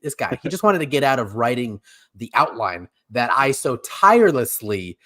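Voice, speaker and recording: A man's voice: mid-range voice, big pitch swings, moderate pace, pushed and bright. A man hosting a live pop-culture stream, chatting casually with fillers and frequent laughs. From California. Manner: jokey, laughing, rambling with fillers. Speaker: podcast host. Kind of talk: casual chat.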